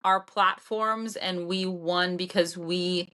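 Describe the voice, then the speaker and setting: A woman's voice: fairly low pitch, steady tone, slow pace, sharp tone. A woman from the co-hosting a podcast, talking bluntly and emphatically in casual chat and swearing freely. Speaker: podcast co-host.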